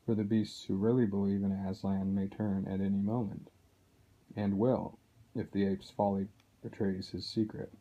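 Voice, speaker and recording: A man's voice: fairly low pitch, little pitch movement, normal speed, warm tone, slightly rough. A man reading aloud as a sly male cat with a silky, scheming manner. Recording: dull lo-fi recording.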